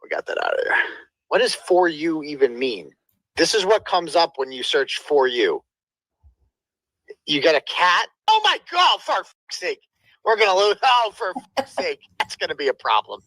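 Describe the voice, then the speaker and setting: A man in a casual livestream clip who talks loudly, swears a lot and blurts out exclamations. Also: on the high side, huge pitch swings, moderate pace, dry recording, rough recording. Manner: loud, profane and exclamatory. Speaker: streamer in a played clip.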